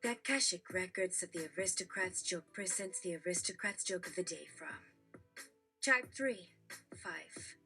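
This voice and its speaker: A woman reading jokes aloud in a brisk, matter-of-fact narrating manner. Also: on the low side, gravelly, bright, forceful tone, husky, faint music behind. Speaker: joke reader.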